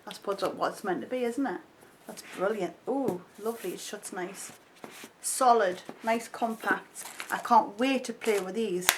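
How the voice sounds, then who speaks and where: A woman, chatting excitedly to her viewers as she unboxes makeup for a vlog. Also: medium pitch, moderate pace, noisy background. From North East England. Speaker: beauty vlogger. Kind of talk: casual unboxing chat.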